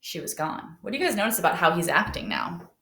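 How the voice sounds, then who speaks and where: A woman teacher reading a picture book aloud to her students, gently asking them questions along the way. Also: on the low side, very animated, fast, vocal fry. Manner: gentle, asks children questions. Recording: roomy echo.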